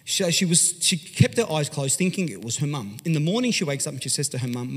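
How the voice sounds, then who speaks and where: An Australian pastor telling a story in an animated, conversational sermon, swinging from loud to hushed. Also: male voice, fairly high pitch, brisk, slightly rough. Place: large church hall. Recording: long hall reverb.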